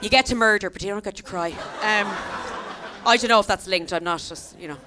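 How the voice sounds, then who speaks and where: A woman's voice: mid-range voice, brisk, background noise. A young Irish woman performing a stand-up comedy set, telling stories in a chatty way with lots of tag questions. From Ireland. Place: comedy venue stage.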